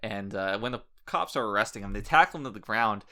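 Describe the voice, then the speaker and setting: A man hosting a casual podcast chat, telling animated stories with crude, irreverent humor. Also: lowish voice, fast. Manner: animated storyteller, acting out quoted people. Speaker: podcast host.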